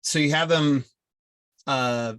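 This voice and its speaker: A man who is a group member in a casual group discussion, speaking hesitantly and halting as he goes. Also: on the high side, a bit bright, clear, resonant tone, no echo. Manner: hesitant, halting, restarts often.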